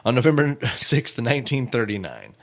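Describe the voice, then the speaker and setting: A man's voice: mid-range voice, huge pitch swings, normal speed, gravelly. A man hosting a true-crime comedy podcast, joking casually and laughing often. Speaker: podcast host.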